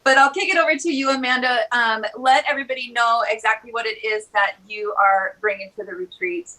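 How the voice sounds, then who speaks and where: A woman in her thirties hosts a casual chat, her voice high and bright. She talks with heartfelt enthusiasm and emotion. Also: steady tone, brisk, rough recording. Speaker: host.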